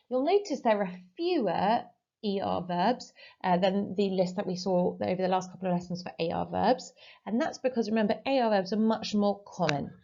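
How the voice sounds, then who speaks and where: A woman teaching a recorded Spanish lesson, giving clear explanations and slowly modelling phrases for pupils to repeat. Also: medium pitch, a little mellow, lo-fi sound. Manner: slow, clearly modelled pronunciation for repetition. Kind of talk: recorded online language lesson.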